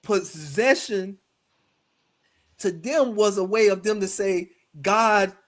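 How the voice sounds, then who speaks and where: Brief: middle-aged man, high voice, animated guest storyteller who acts out other people's lines. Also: takes it slowly. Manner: animated, slips into quoted voices. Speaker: guest, spiritual practitioner. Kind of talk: personal storytelling in conversation.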